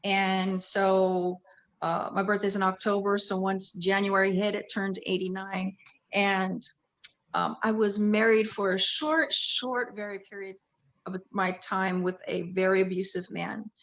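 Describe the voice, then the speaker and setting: This interview guest, a woman in her fifties from the LA area in the USA, recounts her life in a relaxed, talkative way and frequently corrects herself. She speaks at medium pitch with little pitch movement, a measured pace and a fairly bright tone, and the recording is rough.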